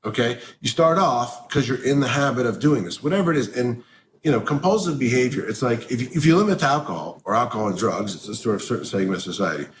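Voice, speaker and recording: A man's voice: mid-range voice, expressive, quick pace. A man giving a candid interview answer about recovery, blunt and salty with his language. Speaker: interview guest. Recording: roomy echo with faint background noise.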